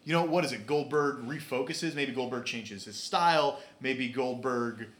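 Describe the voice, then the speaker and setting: Guy hosting a podcast, rambly animated storytelling, lots of uhs, sounds kinda roomy. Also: mid-range voice, moderate pace. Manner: animated storyteller with frequent fillers. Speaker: podcast host. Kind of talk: casual chat.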